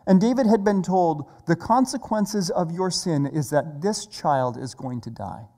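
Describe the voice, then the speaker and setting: A preacher delivers a sermon at a slow, unhurried pace, each phrase set apart and earnest. The voice has a dark, mellow tone. The sound carries the long reverb of a large hall. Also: mid-range voice.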